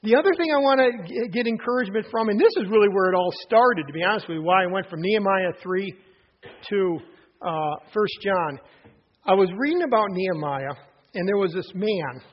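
A man delivers a sermon in a raised, husky voice. He speaks earnestly, restarting phrases and pausing for emphasis. The recording is dull and lo-fi. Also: sits high, expressive. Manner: earnest preaching with frequent restarts and emphatic pauses. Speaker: pastor.

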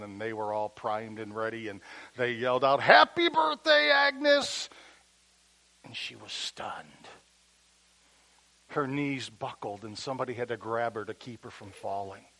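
A man preaching, telling a story in an animated way that drops to a hush at tender moments. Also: fairly low pitch, moderate pace, poor audio. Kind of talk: sermon storytelling.

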